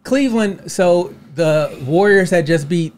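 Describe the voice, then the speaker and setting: A man, a comedian guest, telling a story in casual chat with profane, animated delivery and acted-out quotes. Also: sits high, measured pace.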